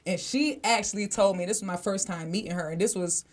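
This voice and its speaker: A woman co-hosting a podcast tells a personal story bluntly and casually, swearing freely and addressing listeners directly. Her voice is medium-pitched, slightly mellow, and fairly quick.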